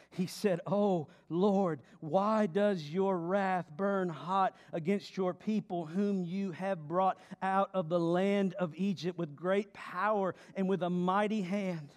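High-voiced man preaching slowly. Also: long reverb tail. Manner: dynamic preaching, swinging between loud emphasis and hushed low delivery. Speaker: pastor. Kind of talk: sermon.

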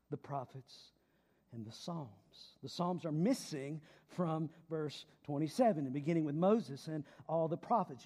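A middle-aged man preaching a sermon, swinging from loud emphatic shouts to low, quiet, drawn-out phrases.

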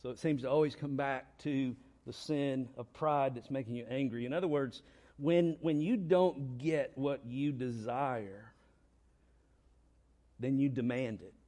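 A man's voice: medium pitch, unhurried, mellow. A man preaching a sermon, repeating key lines and asking rhetorical questions. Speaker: pastor. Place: church.

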